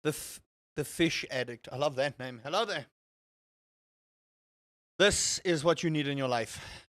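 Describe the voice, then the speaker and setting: A man's voice: on the high side, measured pace, fairly bright tone, no echo, clean studio sound. A man hosting a livestream in casual chat, reading out and answering chat with playful jokes and mock outrage. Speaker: livestream host.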